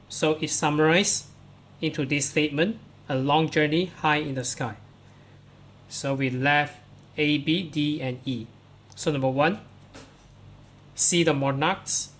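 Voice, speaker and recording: A male English teacher goes through workbook answers one at a time, reading the text aloud and showing where each answer appears. He talks slowly in a slightly raised, fairly bright voice, explaining step by step and often starting lines with "so."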